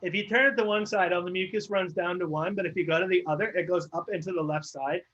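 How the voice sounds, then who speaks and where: A man with a high-pitched, slightly bright voice plays an improv comedy game over a video call, talking fast in a steady tone. He makes absurd claims with a straight face. The video call mic makes the audio sound muffled.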